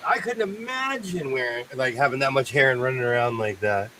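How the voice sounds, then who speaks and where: A man's voice: mid-range voice, animated, a little fast, bright, forceful tone, slight background noise, poor audio. An American man chatting casually with friends, projecting his voice and laughing often. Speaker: podcast co-host. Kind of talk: casual group chat.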